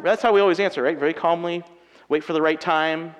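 A married man preaching a sermon with animated, self-mocking humor, acting out everyday quarrels. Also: fairly high pitch, quick pace, clean tone. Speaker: pastor. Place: church auditorium. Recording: long reverb of a large hall.

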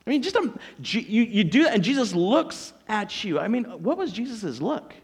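A man preaching a sermon as pastor, telling a story with animated acted-out voices. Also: high voice, normal speed, husky.

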